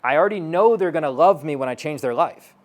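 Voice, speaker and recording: A man's voice: a little high, lively intonation, fast. A man giving a stage talk to an audience as a sales coach, brash and blunt, swearing and acting out both sides of dialogues.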